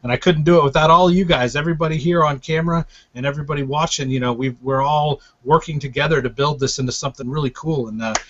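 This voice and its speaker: An American man hosts a live webcam stream, rambling with many fillers and casual swearing. His voice sits fairly high, and the audio is dull and lo-fi. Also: fast, hardly any pauses. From United States. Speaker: host and publisher.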